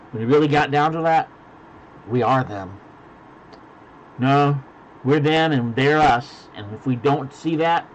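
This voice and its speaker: A man preaching a sermon as pastor, dropping to hushed, deliberate lines and building to loud emphasis. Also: fairly high pitch, slight background noise, low-quality recording. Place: virtual church service.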